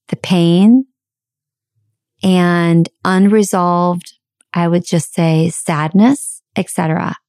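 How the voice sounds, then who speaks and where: Woman in her forties, podcast host, candid storytelling, lowish voice, dry close sound. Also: no room sound. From United States. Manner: candid, animated, swears casually. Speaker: podcast host and life coach. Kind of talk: personal storytelling monologue.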